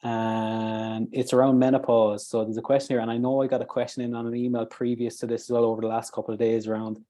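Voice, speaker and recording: A man hosts a webinar, encouraging the panellists and reading out questions from the audience. His voice is mellow and even, with little rise and fall. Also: mid-range voice, fast talker. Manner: encouraging, reads out audience comments. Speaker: webinar host. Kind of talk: hosting a webinar.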